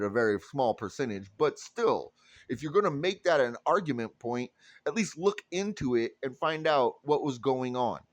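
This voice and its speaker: A man's voice: medium pitch, no room sound. A man with an ordinary mid-range voice rants hard and swears freely. His delivery is blunt and heated, a monologue aimed straight at the listener. The sound is dry and close, with no room around it. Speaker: political commentator. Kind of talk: ranting monologue to camera.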